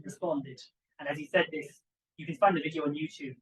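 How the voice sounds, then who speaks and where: A young man, a PhD student, giving an academic conference talk in an animated, emphatic way with asides to the audience. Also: fairly high pitch, brisk, recorded from a distance, low-quality recording. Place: conference room.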